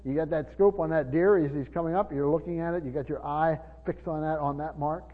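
A man's voice: a little high, steady tone, fairly quick. A man preaching a Bible-teaching sermon, stumbling over repeated words and asking the congregation questions. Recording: dull hall recording with reverb.

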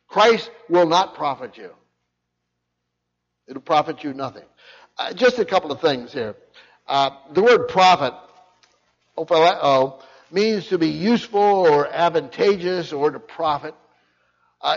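A man preaching an expository sermon as pastor, emphatic, repeating key phrases for weight and restarting often. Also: on the high side. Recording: muffled sound with long hall reverb.

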